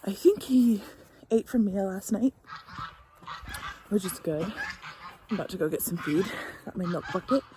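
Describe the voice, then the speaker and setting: A young homesteader vlogs from her barn, talking casually to the camera and to her cow, at times emotional and tearful. Her mid-range voice is expressive at a normal speed with frequent pauses, and there's background noise.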